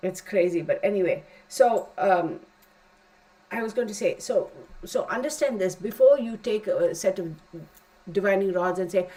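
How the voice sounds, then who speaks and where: A woman's voice: on the low side, moderate pace, warm tone, rough recording. A middle-aged woman teaching a tarot class in a casual, rambling way, with emphatic asides.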